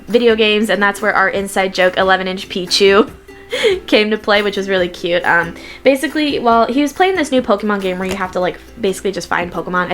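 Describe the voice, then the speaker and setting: Chatty young woman telling stories. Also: mid-range voice. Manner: chatty storytelling, quoting people in lively voices. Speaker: vlogger. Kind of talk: casual chat to camera.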